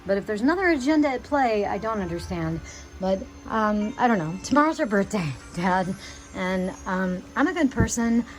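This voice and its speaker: Young woman, pleading video message, halting and agitated, faint music underneath. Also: medium pitch, animated, poor audio. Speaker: vlogger addressing her father. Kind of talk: emotional personal video message.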